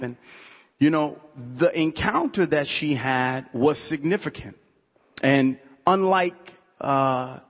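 Husky-voiced man preaching in a church. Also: medium pitch, long reverb tail. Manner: conversational storytelling, many "you know" asides. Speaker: pastor. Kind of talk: sermon testimony. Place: church sanctuary.

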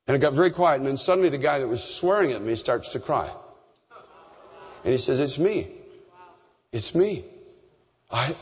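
A man from Canada preaching a storytelling sermon, animated and rising in pitch at the high points. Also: slightly rough. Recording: long reverb in a large hall.

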